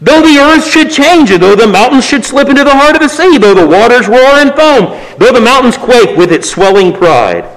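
A man preaching a sermon, swinging from raised emphatic lines to low, quiet asides. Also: lively intonation, normal speed, hardly any pauses. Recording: long reverb of a hall.

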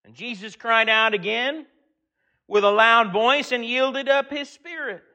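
A man preaching a sermon, reading scripture aloud and earnestly slowing down and swelling his voice for emphasis. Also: very high-pitched, sharp tone.

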